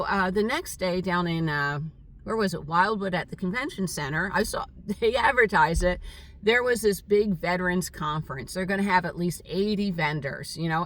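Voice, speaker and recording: An older woman telling a rambling, halting story in a casual vlog monologue, with many fillers. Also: fairly low pitch, fairly bright tone, distant mic. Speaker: vlogger. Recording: voice set back from the mic.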